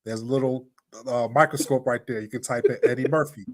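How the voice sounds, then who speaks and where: A man's voice: medium pitch, brisk, fairly bright tone. A man co-hosting a reaction show, telling loose stories in casual, profane chat. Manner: loose storytelling, profane, plugs the channel. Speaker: co-host of a reaction channel.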